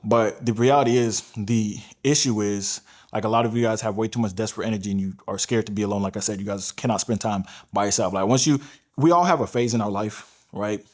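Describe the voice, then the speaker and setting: A man's voice: fairly low pitch, a little fast. A man giving blunt, profane dating advice to the camera, often tagging his points with "all right?" and "right?". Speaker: dating coach.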